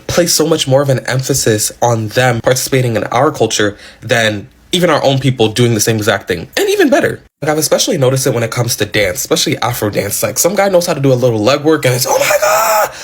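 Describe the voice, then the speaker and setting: A man giving outspoken, animated commentary in a casual social media style. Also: medium pitch, quick pace, hardly any pauses, husky.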